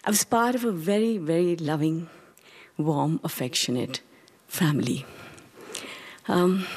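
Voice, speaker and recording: A woman from India in her forties, telling a personal childhood story live on stage in an earnest, halting, emotional way. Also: lowish voice, a little mellow.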